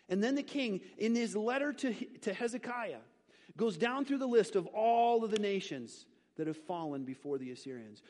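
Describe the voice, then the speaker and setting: A man's voice: sits high, lively intonation, fairly quick. A male pastor preaching a sermon, leading the congregation in repeated call-and-response phrases with playful joking asides. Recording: reverberant hall.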